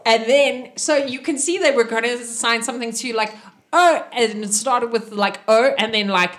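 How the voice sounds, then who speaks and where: A woman's voice: on the high side, normal speed, a bit bright. A woman narrating a tabletop game as game master, in a loose, chatty way.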